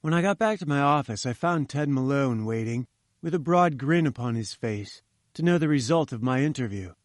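A man narrating a classic tale as an audiobook, in a measured, expressive storytelling manner. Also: medium pitch, no echo, studio quality.

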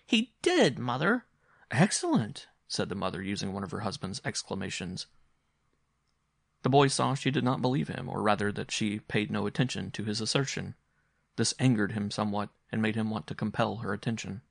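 Man, story narrator, calm measured reading, low voice, gravelly fry. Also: no room sound, studio quality.

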